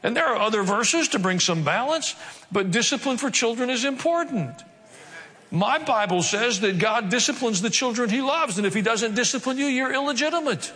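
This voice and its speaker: A man's voice: very high-pitched, expressive, normal speed, bright, forceful tone, long reverb tail. A man preaching a sermon, reading scripture aloud and breaking off into humorous asides and mock voices. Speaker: pastor.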